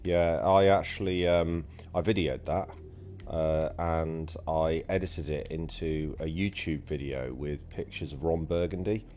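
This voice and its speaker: A man's voice: rumbling low, fairly even intonation, measured pace, darkish tone, slight background noise. A young man hosting a let's play, bantering and teasing his co-host in casual gaming chat.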